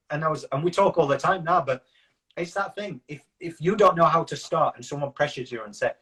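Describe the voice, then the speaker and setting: A man's voice: a little high, animated, fairly quick, a bit bright. A man with a Yorkshire accent, a guest in an interview, telling rambling anecdotes in a casual way and acting out what others said. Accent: Yorkshire English. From Yorkshire, England.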